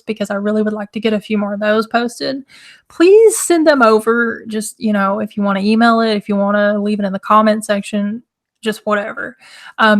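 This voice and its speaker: A young woman hosting a casual live stream, her throat hoarse and scratchy, chatting loosely and greeting viewers in the chat. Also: medium pitch. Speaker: livestream host.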